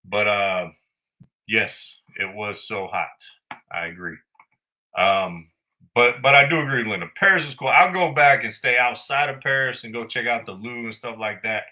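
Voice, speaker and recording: Bright-voiced blunt man. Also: lowish voice, normal speed, rough recording. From United States. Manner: animated, profane, blunt. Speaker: podcast host. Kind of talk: casual storytelling.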